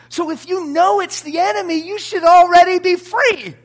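A pastor, a man, preaching a sermon in an emphatic, blunt style with sudden shouted lines. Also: very high voice, expressive, normal speed, few pauses.

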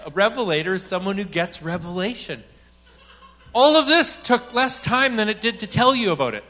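Middle-aged male preacher, bright, slightly high voice, animated storyteller. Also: normal speed. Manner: animated anecdotal retelling with frequent laughs. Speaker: church speaker. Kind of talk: sermon storytelling.

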